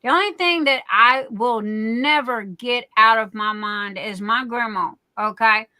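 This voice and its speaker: Middle-aged lady rambling folksy stories on a live stream, bright voice, kinda high, dry close sound. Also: measured pace, no echo. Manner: folksy, rambling, chatty with many fillers. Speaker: livestream host. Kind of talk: casual storytelling chat.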